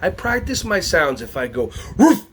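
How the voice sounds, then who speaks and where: A man from the United States leading a lively workshop for early childhood educators, playful and energetic. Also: on the high side, brisk, slight background noise. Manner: animated, playful, breaks into songs and silly voices.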